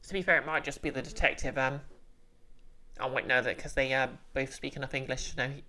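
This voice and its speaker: Low-voiced woman streamer. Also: steady tone, brisk, pushed and bright, slight background noise. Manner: chatty, musing aloud. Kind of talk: game stream commentary. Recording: game music behind.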